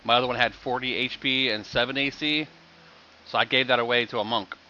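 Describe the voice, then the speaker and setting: A man streams a game live, talking casually to his viewers. His voice is bright and forward. It comes through slightly muffled stream audio. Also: mid-range voice, fairly even intonation, a little fast. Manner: chatty, explains game economy and thanks viewers.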